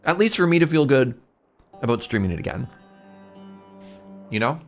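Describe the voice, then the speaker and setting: A male streamer in casual chat with his viewers, rambling and cutting himself off, with sudden animated outbursts. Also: mid-range voice, normal speed, faint music behind.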